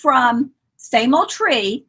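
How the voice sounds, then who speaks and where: A chatty woman co-hosting a live decorating talk, her voice husky and slightly hoarse as she loses it. She rambles warmly through tips and eggs the listener on. Her pitch sits a little high. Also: animated, very slow. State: losing her voice. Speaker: co-host of a store's live decorating chat. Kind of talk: casual chat.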